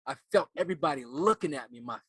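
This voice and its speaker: A middle-aged man, an actor turned life coach, telling a personal story in an earnest, halting way and often repeating words as he remembers. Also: on the high side, lively intonation, husky, dry recording.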